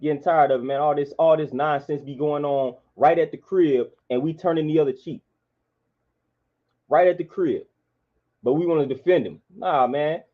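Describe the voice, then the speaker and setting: A man's voice: fairly high pitch, moderate pace. A man, delivering an impassioned monologue in a preachy, repetitive, emphatic way. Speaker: vlogger. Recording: dull lo-fi sound.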